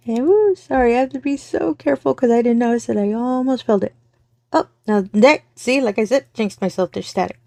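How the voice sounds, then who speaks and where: A woman's voice: a little high, vocal fry, a little mellow, no echo. A middle-aged woman, chatting casually to her viewers on her crafting channel, rambling and correcting herself as she goes. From Texas, US. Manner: rambling, self-correcting, friendly.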